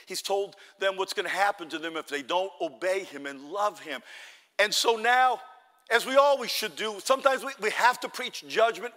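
A man preaching a sermon as pastor, building to loud exhortation and calling the congregation to answer amen. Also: high voice, long reverb tail. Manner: fervent, builds to loud exhortation, calls for amens.

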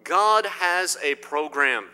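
Emphatic preacher in an echoing church. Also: male voice, fairly high pitch, lively intonation, takes it slowly, clean tone. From Indiana. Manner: emphatic, swinging between loud declarations and quiet asides. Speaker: pastor. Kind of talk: sermon. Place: church sanctuary. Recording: long hall reverb.

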